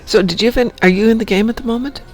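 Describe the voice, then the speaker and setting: A man's voice: sits high, fairly even intonation, rapid-fire, soft background music. A man hosting a casual morning live stream from home, rambling and joking about his day. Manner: rambling, chatty, self-joking.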